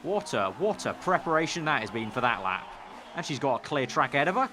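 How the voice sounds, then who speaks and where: A young man with a Northern English accent talks through a game at an ordinary mid pitch. His chatty commentary sounds like thinking out loud and breaks into excitable bursts. He is recorded on a desk mic. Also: brisk, faint music behind. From Northern England. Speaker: gaming YouTuber.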